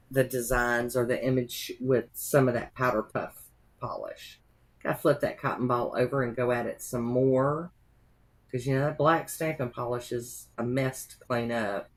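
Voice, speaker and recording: A woman narrating a nail art tutorial in a chatty, rambling way, with homey asides to her viewers. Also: rumbling low.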